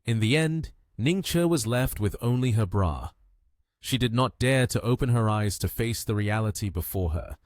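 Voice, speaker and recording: A man narrating a story recap with steady, expressive storytelling. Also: on the low side, moderate pace, no echo.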